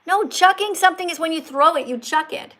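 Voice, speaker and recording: A woman's voice: very high-pitched, a little fast, fairly bright tone, poor audio. A woman hosting a livestream, who lectures and corrects her guest like a strict teacher. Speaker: livestream host. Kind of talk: livestream chat.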